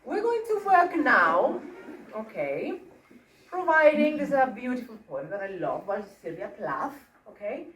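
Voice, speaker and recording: A woman drama teacher leading a workshop, coaxing her group along with questions in an animated teaching manner. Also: on the high side, unhurried, a little hiss or hum. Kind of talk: interactive teaching. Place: school hall. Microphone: room mic at a distance. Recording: echoey hall from far off.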